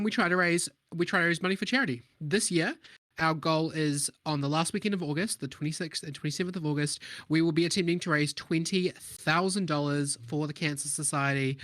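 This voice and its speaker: An upbeat, jokey man with a Scottish accent, chatting casually as a player. His voice sits fairly high and sounds bright and forceful, recorded close and dry. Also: no echo. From Scotland. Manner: upbeat and jokey, with many fillers. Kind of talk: casual chat.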